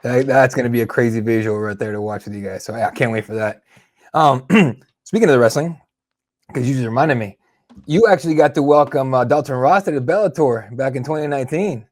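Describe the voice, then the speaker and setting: A man's voice: mid-range voice, brisk, no room sound. Upbeat male interviewer, dry sound. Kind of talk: casual interview.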